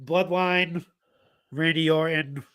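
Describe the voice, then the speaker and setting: A male co-host chatting casually in a slightly high voice. He rambles and pads his thoughts with fillers. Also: steady tone, slow, a bit bright, clean tone. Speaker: podcast co-host. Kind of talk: casual chat.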